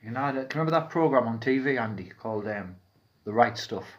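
A man's voice: medium pitch, expressive, fast talker, highs cut off. A man from Peterlee with a North East English accent, co-hosting a podcast in casual, rambling, jokey banter. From Peterlee, England. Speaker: podcast co-host.

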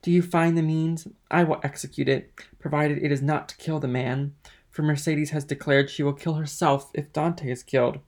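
A man's voice: a little high, steady tone, normal speed, a little mellow, lightly acted. A man voicing a jealous, impatient young man in a storybook reading, pressing urgently. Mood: bitter urgency.

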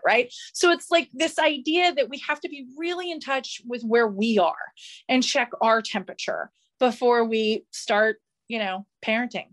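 A woman's voice: on the high side, normal speed. A woman hosting a casual interview, confidently explaining with examples from home. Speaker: podcast host and parent.

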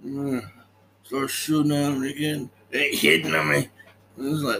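A man's voice: on the high side, steady tone, measured pace, a bit bright, a little hiss or hum. A man casually recapping a movie in a laid-back way, laughing often and acting out lines.

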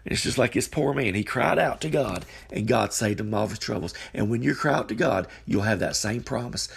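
A man's voice: mid-range voice, brisk, gravelly, husky. A man giving an earnest, folksy devotional sermon into his phone microphone. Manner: earnest, folksy, repeats phrases, exclaims hallelujah. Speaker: podcast preacher.

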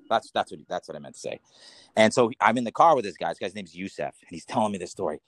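A man from the Los Angeles area tells rambling, animated stories as a podcast guest, restarting sentences and laughing along the way. His voice sits low for a man, and the recording is dry and close. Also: fast talker, no room sound. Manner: rambling, animated, self-correcting, laughs mid-story. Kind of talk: casual storytelling.

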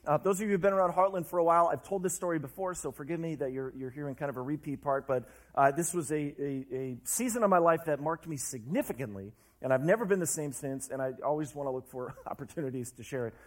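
Man, 20s, preacher, personal testimony, conversational, self-deprecating, slightly high voice. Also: fast talker, few pauses. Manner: conversational and self-deprecating, with frequent laughs and fillers.

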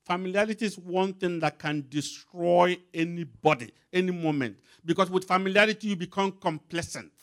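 A man's voice: high voice, a bit bright. A man preaching a sermon with emphatic, rising and falling delivery, calling out scripture references for a reader to read aloud.

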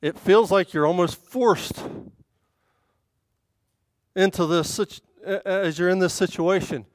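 A woman giving an earnest sermon and reading scripture aloud, swelling loud and emphatic on key points. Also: lowish voice, measured pace, no room sound. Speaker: women's speaker at a church service.

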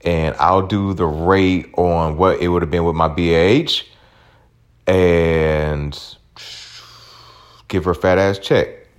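A man's voice: low-pitched, steady tone, takes it slowly, pauses often, clear, resonant tone. A man in his forties hosting a podcast, ranting bluntly with plenty of swearing. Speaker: podcast host. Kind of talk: casual profane rant.

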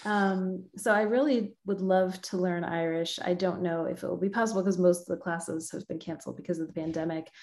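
This middle-aged American woman, a localization professional appearing as a guest, answers interview questions in a friendly, thoughtful way and laughs often. Her voice is lowish and darkish with a steady tone, and she talks a little fast with few pauses.

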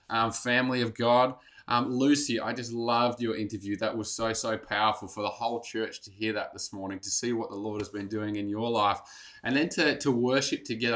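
A man's voice: medium pitch, fairly bright tone. A man preaching a casual, encouraging online sermon to a church in lockdown. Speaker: pastor.

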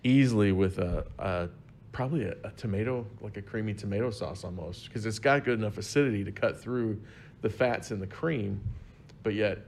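A man's voice: lowish voice, a little fast, gravelly, darkish tone, slight background noise. A man explaining wine pairing in a casual chat, easygoing and plain-spoken. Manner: easygoing, explains with everyday examples. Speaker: wine expert guest.

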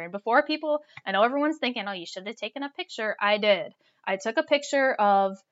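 A young woman telling a personal story in casual chat, animated and full of "like" fillers. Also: medium pitch. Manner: animated, lots of "like" fillers, laughs while telling. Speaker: storyteller guest. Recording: dull lo-fi sound.

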